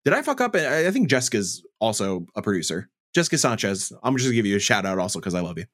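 A man's voice: fairly low pitch, fast. A man hosting a podcast, reading the intro in a casual way with frequent laughs and stumbles. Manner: animated, laughs often, stumbles over reads. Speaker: podcast host.

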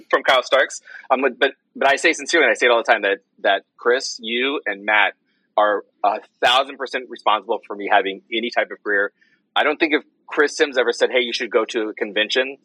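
A man's voice: mid-range voice, bright, forceful tone, slightly rough, no echo, low-quality recording. A man who is a guest on a podcast, chatting casually and rambling through a story with many restarts. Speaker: podcast guest, comics writer. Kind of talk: casual chat.

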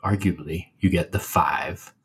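Low husky guy chatting about theory, laid back and jokey. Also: measured pace. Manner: relaxed, explanatory, playful asides. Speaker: podcast co-host. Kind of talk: casual educational chat.

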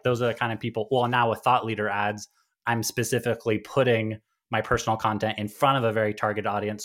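A man's voice: on the low side, fairly bright tone. A man who founded an agency, speaking as a podcast guest in casual interview talk, conversational with lots of fillers and restarts.

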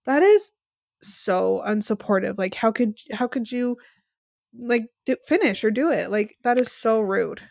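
A woman's voice: mid-range voice, measured pace, creaky, darkish tone, no room sound, clean studio sound. Chatty woman recapping a show. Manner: chatty, exasperated, quotes people in passing. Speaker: podcast co-host. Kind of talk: casual recap chat.

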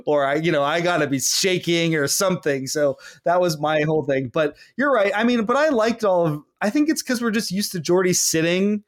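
A man hosting a casual podcast chat, animated and acting out quoted lines in mock voices. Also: high-pitched, brisk, few pauses. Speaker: podcast host.

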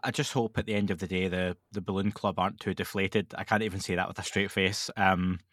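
A man's voice: low voice, flat delivery, fairly quick, a bit bright, dry recording, studio quality. A man hosting a podcast panel in casual chat, cracking puns and laughing at his own jokes. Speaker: podcast host.

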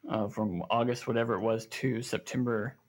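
A man's voice: mid-range voice, fairly even intonation, normal speed. A man with a Southern American accent, co-hosting a casual gaming podcast, joking and reading news aloud with fillers. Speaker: podcast co-host.

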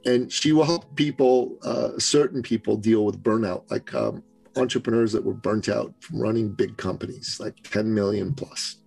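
Gravelly-voiced man telling a story. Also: lowish voice, normal speed, faint music behind, low-quality recording. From Canada. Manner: animated storyteller, acts out quoted voices. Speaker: business coach guest. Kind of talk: storytelling interview.

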